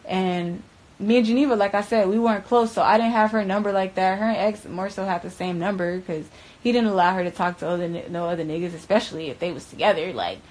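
A woman's voice: mid-range voice, fast, a little mellow, low-quality recording. A young adult woman from Broward County, Florida, telling a story as an interview guest. She talks in profane, slangy bursts and keeps saying "bruh.". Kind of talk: candid storytelling.

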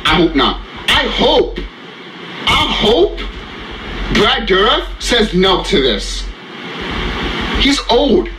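A man's voice: high voice, big pitch swings, very slow, long pauses, echoey room, noisy background. A man ranting furiously and profanely in a reaction vlog, repeating himself and losing his voice. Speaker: YouTuber.

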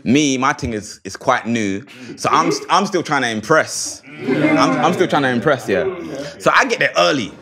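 A man's voice: medium pitch, animated, moderate pace, bright, forceful tone. A man with a London accent casually telling a funny dating story. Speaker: panel comedian. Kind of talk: casual comedic anecdote.

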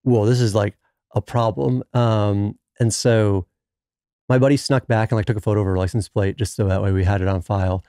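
Quick guy in his 30s, low mellow voice, chatty storyteller doing all the voices in his story, dry close sound. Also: smooth, dry recording. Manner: animated storyteller who acts out quoted dialogue. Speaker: podcast guest. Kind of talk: storytelling in casual conversation.

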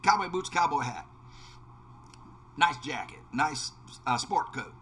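A man's voice: fairly high pitch, expressive, a little slow, bright, forceful tone, slight background noise. A man hosting a game video, telling a casual anecdote with many restarts, fillers and repeated words. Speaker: let's play host. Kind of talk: casual anecdote told while gaming.

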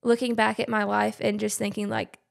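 A young woman, a podcast guest talking earnestly and softly in casual chat. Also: medium pitch, flat delivery, a little fast, gravelly.

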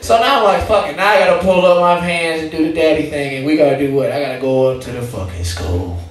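A male stand-up comedian telling profane stories about fatherhood to a live audience, with shouted punchlines. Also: a little high, quick pace. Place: comedy club stage before a live audience. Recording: echoey room, mic heard from a distance, audience noise.

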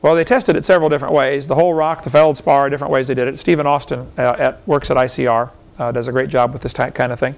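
A man's voice: medium pitch, fairly even intonation, quick pace, few pauses. A man giving a seminar lecture to a live audience in a folksy, argumentative way, firing off rhetorical questions and chuckling often.

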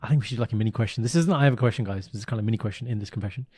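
A man from the UK co-hosting a casual podcast chat, telling stories in an animated, teasing way. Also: fairly low pitch, rapid-fire, slightly rough, no echo, clean studio sound. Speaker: podcast co-host.

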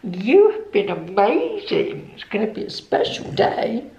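British guy baby-talking his dog at home, voice bouncing up and down, unhurried, camera on a chair. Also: high-pitched, huge pitch swings, gravelly, darkish tone, dull audio. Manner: sing-song baby talk to his dog. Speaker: vlogger and dog owner. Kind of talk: casual home vlog. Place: living room at home. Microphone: camera set on a chair. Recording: echoey room with background noise.

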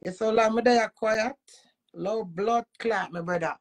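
A woman's voice: a little high, measured pace. A woman with a Jamaican accent, a vlogger delivering an agitated, repetitive emotional rant full of swearing.

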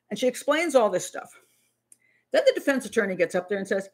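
A middle-aged woman and criminal profiler hosting a live Q&A stream, talking in a blunt, animated way with many restarts. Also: medium pitch, fairly quick. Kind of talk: casual live-stream talk.

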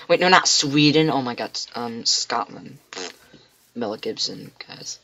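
A man records excitable let's play commentary at his desk, blurting exclamations and muttering to himself as he plays. His voice sits at an ordinary middle pitch. Faint keyboard clicks tick behind him. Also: takes it slowly, creaky, a little hiss or hum. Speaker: gamer.

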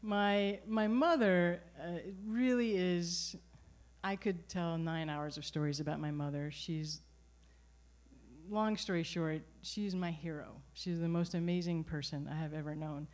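A middle-aged woman telling a personal story at a live storytelling event, conversational and animated, with frequent restarts. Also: fairly low pitch, unhurried. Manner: conversational, animated, self-correcting.

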